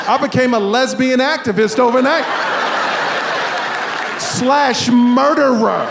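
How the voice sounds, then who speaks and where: High, punchy male stand-up comic. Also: gravelly. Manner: animated, punchy delivery with shouted punchlines. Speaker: stand-up comedian. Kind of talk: stand-up comedy set. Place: comedy club stage. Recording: echoey room with background noise.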